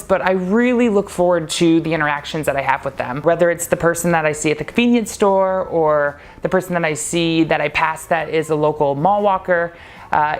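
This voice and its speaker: A man casually telling a personal story to camera, chatty and laughing often. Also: high-pitched. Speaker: vlogger.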